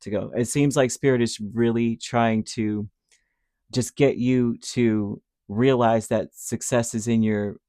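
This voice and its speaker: A man's voice: mid-range voice, steady tone, slow pace, warm tone, clear, resonant tone, no room sound, studio quality. A man giving a casual, rambling tarot reading, who acts out little voices as he talks. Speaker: tarot reader.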